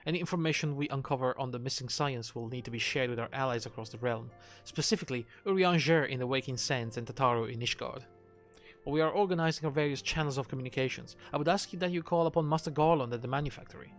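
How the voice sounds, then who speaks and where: A man's voice: mid-range voice, fast, soft background music, natural voice. A man voicing an earnest young noble commander who speaks in formal, old-fashioned words, read aloud from a game on a live stream. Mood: solemn.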